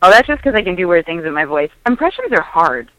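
Bright, sarcastic woman podcast guest. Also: on the low side, big pitch swings, dry recording, low-quality recording. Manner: sarcastic, joking, quick. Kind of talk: casual podcast chat.

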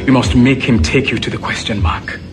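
Male actor as a commanding spirit brother, measured and grave, mid pitch, over heavy score. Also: fairly even intonation, natural voice. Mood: solemn. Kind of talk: TV drama dialogue. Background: loud score music.

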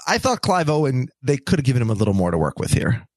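A man's voice: mid-range voice, sing-song, quick pace, darkish tone, no echo. A man chatting casually as a podcast co-host, hesitant, with many fillers and restarts. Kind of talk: casual chat.

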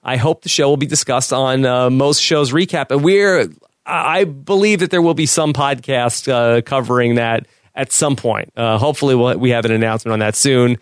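A man co-hosting a podcast, reading listener emails aloud in a casual, halting way with many "uh" fillers. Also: mid-range voice, clear, resonant tone, no echo, clean studio sound. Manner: reads letters aloud, halting with frequent "uh" fillers.

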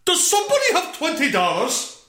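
A man's voice: very high-pitched, huge pitch swings, fairly quick, sharp tone, voice pushed up, exaggerated voice. A man voicing a bumbling foreign agent in an odd put-on accent. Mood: scheming. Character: bumbling foreign agent, male, scheming and broke. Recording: roomy echo.

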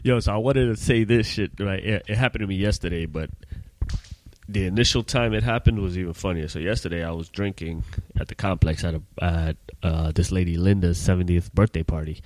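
Low-voiced man in his thirties telling stories. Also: brisk, no room sound. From Trinidad. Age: 30s. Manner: profane storytelling, animated, laughs often. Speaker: podcast host. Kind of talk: casual chat.

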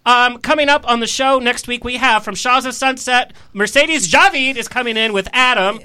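A flamboyant man hosts a talk show from a radio studio. His voice sits high and rings bright and brassy. He delivers sassy, theatrical quips with camp flair. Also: normal speed, poor audio. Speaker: podcast host. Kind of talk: campy chat show hosting.

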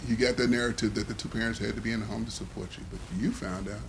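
A man's voice: fairly low pitch, fairly even intonation, rapid-fire, slight background noise, rough recording. A man on a podcast giving emphatic, sermon-like advice and quoting the Bible in a casual talk. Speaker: podcast co-host. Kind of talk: preachy advice.

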